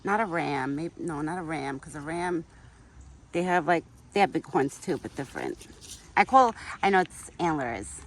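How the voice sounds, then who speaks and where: A woman's voice: low voice, lively intonation, normal speed. A woman talks casually outdoors, her voice rising and falling a lot as she coos at the animals she feeds. Italian was her first language, and she keeps up a chatty vlog with faint background noise. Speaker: vlogger feeding a wild deer. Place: outdoors in a yard.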